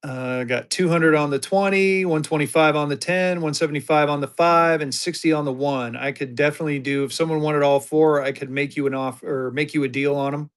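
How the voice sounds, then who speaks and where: A man's voice: fairly high pitch, fairly even intonation, fairly quick, hardly any pauses, clean tone. A man hosting a live-stream auction, chatting upbeat with bidders and hyping each item as he sells it.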